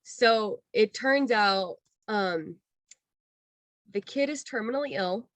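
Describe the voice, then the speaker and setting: Animated young woman telling a story. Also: slow pace, dry recording. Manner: animated storyteller, acts out quotes in a higher voice, lots of "like". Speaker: guest, former theme park cast member. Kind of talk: casual storytelling interview.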